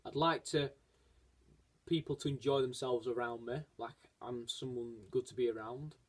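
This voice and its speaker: A male vlogger chats casually and earnestly, offering encouragement while he rambles, hesitates, and restarts often. His voice is medium-pitched and steady, moving at a normal speed through this personal vlog talk.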